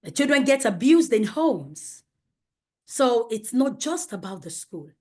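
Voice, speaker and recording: A woman's voice: on the high side, sing-song, a little slow, darkish tone. A woman leading a safeguarding training for teachers, speaking emphatically and asking many rhetorical questions.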